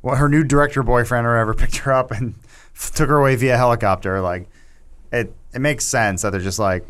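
A man's voice: mid-range voice, fairly quick, a bit bright. A man co-hosting a movie podcast, talking casually and joking about scenes, laughing at his own lines. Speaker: podcast co-host.

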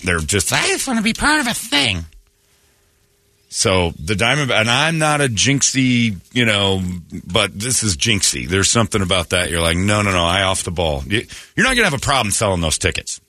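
Man, radio host, low pitch, very lively delivery, storytelling, blunt opinions. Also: dry recording. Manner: animated storytelling, acts out both sides of conversations; blunt opinionated rants with mild swearing. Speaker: radio morning show host. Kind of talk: casual radio chat.

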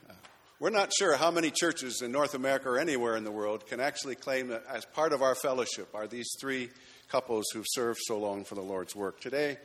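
A pastor with a middle-pitched voice speaks in a chatty, lightly joking way as he honors people from the front of the church. His voice carries a long reverb through the sanctuary. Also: a little fast, a bit bright. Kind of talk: church announcements and recognition.

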